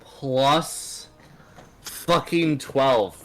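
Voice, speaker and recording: A man narrating a tabletop game as game master, animated and casual, laughing often. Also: medium pitch, drawn-out words.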